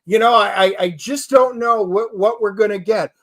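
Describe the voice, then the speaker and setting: A man talking casually about movies as a guest, telling stories with lively quoted asides. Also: high voice, normal speed. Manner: animated storytelling, quotes himself and his wife.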